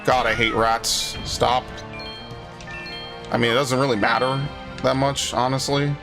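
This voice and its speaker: A man's voice: mid-range voice, fairly even intonation, a little slow. Sarcastic young man streaming a game. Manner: rambling, sarcastic, swears freely, tells anecdotes. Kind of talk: casual gaming commentary. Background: faint game music.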